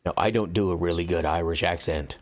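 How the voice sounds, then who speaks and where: A man's voice: low-pitched, a little fast. An American man, an author, chatting bluntly and profanely to his viewers before reading from his own book. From United States. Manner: blunt and profane, loose rambling delivery.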